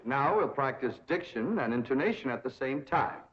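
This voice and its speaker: An actor playing a pompous, theatrical young society dandy with flowery speech. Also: male voice, medium pitch, expressive, moderate pace, fairly bright tone, close to an everyday voice. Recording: dull old TV sound.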